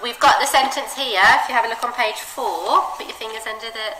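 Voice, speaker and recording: A woman teaching reading, guiding a child through a phonics book with encouraging, expressive read-aloud. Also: a little high, fairly quick. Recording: roomy echo with steady background noise.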